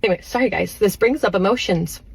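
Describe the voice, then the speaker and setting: A woman's voice: medium pitch, fast talker, creaky, husky, dry recording, rough recording. A young woman who creates mom content, telling a personal story straight to camera with emotion.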